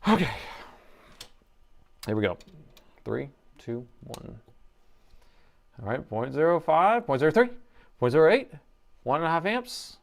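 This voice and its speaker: A middle-aged man hosting a live laptop repair stream, chatting playfully and excitably with the viewers as he works. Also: on the high side, unhurried, creaky, pauses often. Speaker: host and laptop repair technician.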